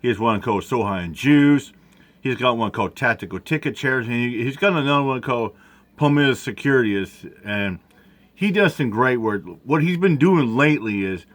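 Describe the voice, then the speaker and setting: A man giving rambling casual commentary over a video, halting often with fillers and restarts. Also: mid-range voice, fairly bright tone.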